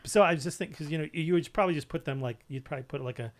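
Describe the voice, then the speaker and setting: A man's voice: a little high, very fast. A man co-hosting a casual live show from home, joking and rambling, often tripping over his words. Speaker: co-host. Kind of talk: casual chat.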